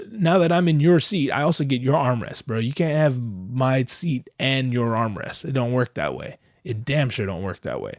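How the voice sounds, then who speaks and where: A podcast host, a man, telling a comic story in a profane, animated rant, acting out the voices. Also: mid-range voice, no echo, clean studio sound.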